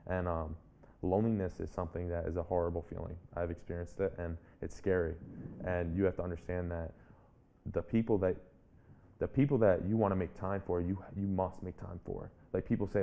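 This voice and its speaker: A man's voice: deep voice, fairly even intonation, brisk, vocal fry, warm tone, dull audio, slight background noise. A man in his twenties, an interview guest and speaker, telling a personal story in an earnest, reflective way and often restarting his phrases. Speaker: guest, public speaker and author.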